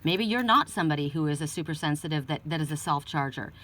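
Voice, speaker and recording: A woman with a lowish voice gives an oracle card reading, mixing advice with stories from her own life. She talks earnestly and rambles, often restarting her sentences. Her voice sits a little away from the microphone. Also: lively intonation, quick pace, fairly bright tone, distant mic.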